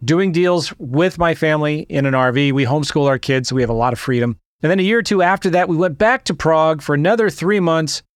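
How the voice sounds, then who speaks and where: A man hosting a podcast, opening the episode with an energetic monologue full of rhetorical questions to his listeners. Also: fairly high pitch, fast talker, few pauses, clean tone, dry recording, clean studio sound. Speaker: podcast host.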